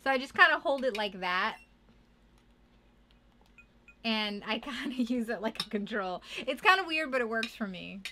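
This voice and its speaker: A woman's voice: a little high, lively intonation, moderate pace, pauses often, pushed and bright, a little hiss or hum. A woman streaming a video game live with her husband, chatting casually and giggling. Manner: giggly, affectionate.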